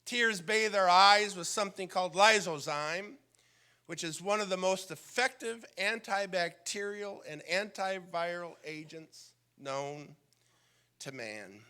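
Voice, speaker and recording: A pastor preaching a sermon in a high, very bright voice that rings clean and smooth. He takes his time, building from calm teaching to fervent climaxes, and sometimes sinks to a whisper. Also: measured pace. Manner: drops to a whisper when quoting a prayer.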